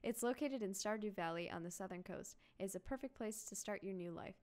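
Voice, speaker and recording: A loving elderly grandfather, read aloud by a woman, leaves a farewell letter in a video game. The delivery is soft and hushed, unhurried, at a middling pitch for her. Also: lightly acted. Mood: tender.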